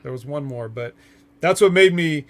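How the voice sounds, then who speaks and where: Slightly high-voiced man recapping casually. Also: expressive, normal speed. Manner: hesitant, filler-heavy recapping. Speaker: co-host.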